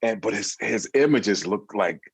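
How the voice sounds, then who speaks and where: A man's voice: on the low side, moderate pace, gravelly, husky, dry recording. A man who is a guest in a casual interview, joking, telling stories, imitating voices and laughing often. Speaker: guest singer.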